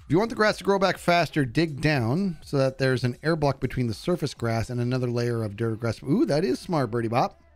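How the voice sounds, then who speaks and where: A man streams a game live, chatting casually with his viewers and with the animals on screen. His medium-pitched voice is animated and fairly quick, with few pauses, over soft background music.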